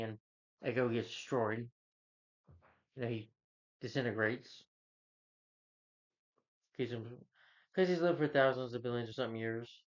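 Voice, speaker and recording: On a dull, lo-fi recording, a male movie reviewer with a mid-range voice recaps a film's plot casually. He's unhurried and leaves long pauses, rambling along with plenty of "like" and "you know."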